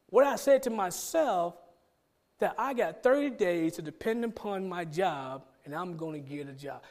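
A man's voice: high voice, darkish tone. A man telling a personal testimony as a sermon, animatedly acting out his own past conversations. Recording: long hall reverb.

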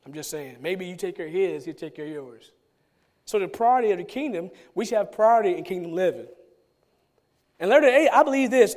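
A man's voice: high-pitched, expressive, normal speed, a little mellow. A man, a pastor, preaching a sermon with emphatic repetition and rhetorical questions.

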